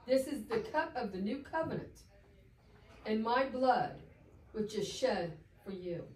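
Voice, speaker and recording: A gentle, solemn man speaks slowly and tenderly to his troubled friends, as a woman storyteller voices him. The voice sits a little high and unhurried. It is heard from a distance in a roomy space with a faint hum behind. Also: animated. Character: gentle, solemn male teacher comforting friends.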